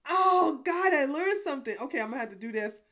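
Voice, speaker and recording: A woman's voice: sits high, expressive, quick pace, fairly bright tone. A woman hosting a live stream, chatting casually with her viewers, rambling and apologetic, laughing often. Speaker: livestream host.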